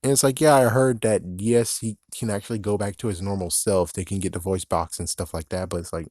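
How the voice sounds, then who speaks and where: A man with a lowish, steady, slightly mellow voice speaks briskly in a casual movie review that keeps sliding into an exasperated rant. He swears freely and laughs at his own jokes. The recording is dry and close, with no echo or room sound.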